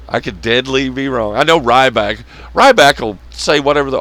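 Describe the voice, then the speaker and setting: Brief: male vlogger, mid-pitch, animated delivery, sarcastic, heavy swearing, blunt rant. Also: fairly quick, hardly any pauses. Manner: blunt, sarcastic, swearing often, laughs at own jokes. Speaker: wrestling commentary vlogger. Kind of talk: profane ranting commentary.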